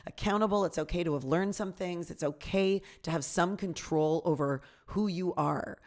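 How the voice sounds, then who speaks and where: A woman's voice: fairly low pitch, normal speed, darkish tone. A woman co-hosting a casual podcast conversation, musing and reassuring, laughing easily. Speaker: podcast co-host.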